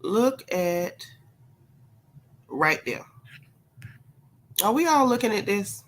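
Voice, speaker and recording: A woman's voice: medium pitch, big pitch swings, slow. Congested woman hosting an emphatic gossip stream. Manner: emphatic, repeats her points for stress; talks straight to her chat audience. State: congested, sick voice. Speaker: gossip channel host. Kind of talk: livestream commentary.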